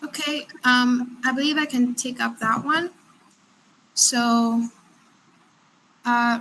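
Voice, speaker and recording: A woman on a video call explaining risk concepts as a compliance professional, measured and structured. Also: fairly high pitch, fairly bright tone, a little hiss or hum, low-quality recording. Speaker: GRC professional panelist.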